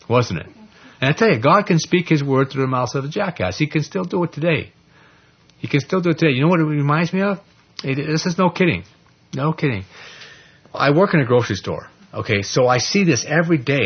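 Husky man preaching an informal Bible study. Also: medium pitch, a little fast, muffled recording. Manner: conversational and animated, with frequent "you know" and "okay?" asides. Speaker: lay Bible teacher.

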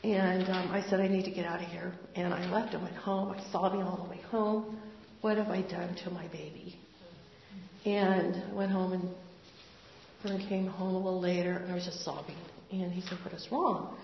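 An older woman tells her personal faith story in an earnest, conversational way, pausing often. Her voice has a gravelly edge. The recording is dull and lo-fi, with the long reverb of a large hall. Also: on the low side, level tone, a little hiss or hum. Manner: conversational, earnest, with pauses and fillers. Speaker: speaker sharing testimony. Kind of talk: personal testimony. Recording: roomy hall, dull lo-fi sound.

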